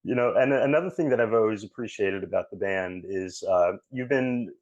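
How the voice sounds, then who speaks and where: Host guy asking an interview, deep-ish voice, dry sound, stumbles and restarts, big fan vibe. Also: a little mellow, no echo, muffled recording. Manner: halting, restarts questions, enthusiastic fan. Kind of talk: interview questions.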